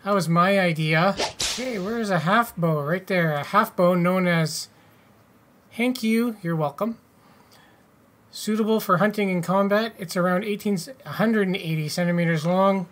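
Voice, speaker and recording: A man's voice: sits high, measured pace, fairly bright tone. A man hosting a casual let's-play, joking, swearing and reading game text aloud. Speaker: gaming channel host.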